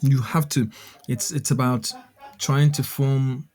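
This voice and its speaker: A man's voice: mid-range voice, steady tone, takes it slowly, darkish tone. A man chatting as a guest musician on a podcast, laid-back and candid, laughing easily. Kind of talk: casual podcast chat.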